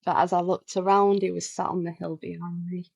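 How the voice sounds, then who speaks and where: A woman's voice: fairly low pitch, level tone, a little fast, vocal fry, a little mellow, no room sound, muffled recording. A woman, a guest musician chatting casually in an interview, telling a story with lots of "like" and restarts.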